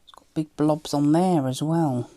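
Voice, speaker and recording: A woman's voice: sits low, fairly even intonation, a little slow, mellow, dry recording. A woman with a light Cockney-tinged accent, chatting casually as she works on a craft project and often dropping into a whisper. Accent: light Cockney-tinged London. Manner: chatty, muttering to herself while working, often drops to a whisper. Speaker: craft vlogger.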